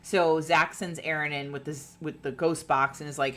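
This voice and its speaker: A woman's voice: low-pitched, steady tone, moderate pace, fairly bright tone, slight background noise. A woman co-hosting a podcast, casually retelling a ghost-hunting show, swearing freely and acting out what people said. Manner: chatty, swearing, acting out quotes. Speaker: podcast co-host.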